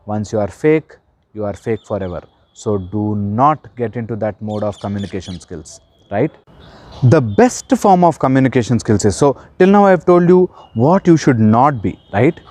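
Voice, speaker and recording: Emphatic man, mellow voice. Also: medium pitch. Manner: emphatic, repeats words, slows down to stress points. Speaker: spiritual counsellor and life coach. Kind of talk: earnest spoken talk to camera.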